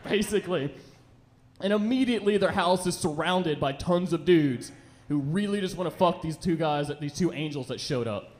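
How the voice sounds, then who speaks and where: A young man rambles through a profane stand-up set on a comedy club stage, his voice sitting high. He jumps between storytelling and quick acted-out voices, talking loosely into a handheld mic. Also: a little mellow, a little hiss or hum.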